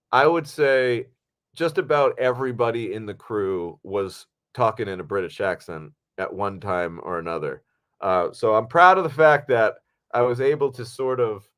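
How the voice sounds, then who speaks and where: A man co-hosting a podcast who tells behind-the-scenes stories in a loose, animated way, with plenty of swearing. His voice sits at a medium pitch for a man. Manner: profane, animated storytelling. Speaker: podcast co-host and actor. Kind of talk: casual chat.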